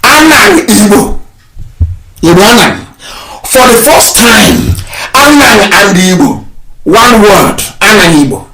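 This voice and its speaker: A Nigerian man giving a fiery, mocking solo broadcast, laughing often and shouting insults. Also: on the high side. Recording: echoey room with faint noise.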